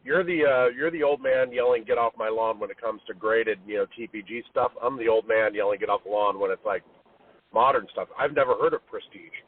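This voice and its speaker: A man's voice: medium pitch, brisk, slight background noise. A man co-hosting a podcast in casual chat, exasperated, trailing off and restarting. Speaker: podcast co-host. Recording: tinny phone line, husky.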